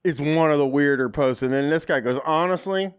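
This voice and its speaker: A man hosting a casual podcast, voice sitting in an ordinary middle pitch. He reads reviews aloud and drops in dry, deadpan asides. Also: a little fast, smooth.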